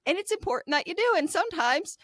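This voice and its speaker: A woman's voice: extremely high pitch, very animated, fast, fairly bright tone, dry recording, clean studio sound. A woman co-hosting a podcast, chatting expressively and acting out quoted lines. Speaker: podcast co-host. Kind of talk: casual chat.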